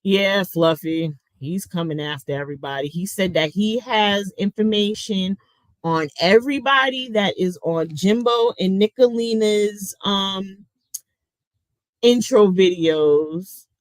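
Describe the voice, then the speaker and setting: A woman's voice: medium pitch, slow pace, no room sound, low-quality recording. A woman hosting casual livestream commentary, reading out chat and talking bluntly and sarcastically with plenty of swearing.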